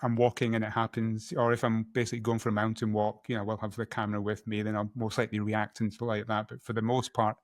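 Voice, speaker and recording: A man's voice: on the low side, flat delivery, fast, few pauses, no room sound, clean studio sound. A middle-aged man from Scotland, a photographer as guest, talking casually and often correcting himself with a laugh. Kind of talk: casual interview chat.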